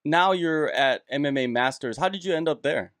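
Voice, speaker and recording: A man's voice: fairly high pitch, moderate pace, a bit bright, dry recording. A man hosting an interview, asking questions in a friendly way with many "you know"s. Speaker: interviewer, host.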